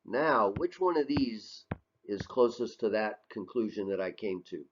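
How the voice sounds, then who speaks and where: A man's voice: fairly low pitch, animated, unhurried. Man lecturing on muffled lo-fi audio. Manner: conversational, asks and answers his own questions, frequent "right?". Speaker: teacher. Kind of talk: recorded classroom lecture over slides. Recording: dull lo-fi audio.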